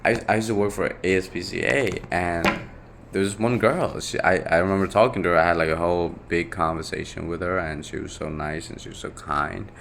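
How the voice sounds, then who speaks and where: Young male solo podcaster, very low voice, rambling and self-correcting, light hiss behind. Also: a little fast, creaky. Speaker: podcast host. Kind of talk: casual solo podcast monologue.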